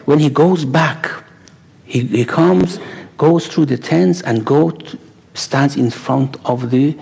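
A man's voice: medium pitch, gravelly, darkish tone. A man giving a religious lecture and taking questions, with dramatic storytelling that drops to a whisper and rises to exclamations. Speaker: speaker answering questions.

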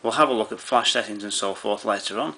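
A man's voice: fairly low pitch, fast, bright, forceful tone. A man walking through camera menu settings in an easygoing way, with many fillers and restarts. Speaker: camera tutorial presenter. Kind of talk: explaining camera settings step by step.

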